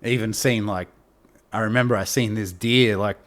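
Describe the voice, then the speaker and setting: A man tells a long, rambling story as a podcast guest. His voice sits low, and he peppers it with slang, swearing and quick laughs. The talk is casual and meandering. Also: fairly even intonation, fairly bright tone.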